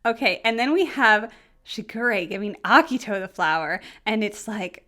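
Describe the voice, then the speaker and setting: A young woman hosting a casual anime review vlog, bubbly and giggly, rambling excitedly with lots of fillers. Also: mid-range voice, normal speed.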